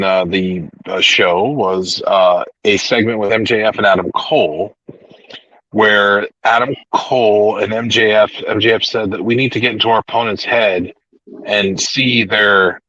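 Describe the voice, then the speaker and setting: Bright-voiced man in casual wrestling chat. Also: fairly low pitch, no room sound. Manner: rambling, animated retelling with restarts. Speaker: podcast host. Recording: dull lo-fi recording, dry.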